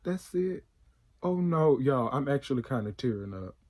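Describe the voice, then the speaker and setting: A man hosting a reaction video, talking in a casual, excitable and emotional way with plenty of slang. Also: medium pitch, normal speed, slightly rough.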